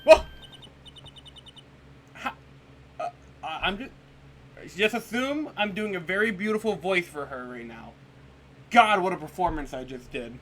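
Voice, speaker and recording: A man playing a game on stream, excitable, swearing and talking to his chat. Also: sits high, measured pace, pauses often, slight background noise. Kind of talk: let's play commentary.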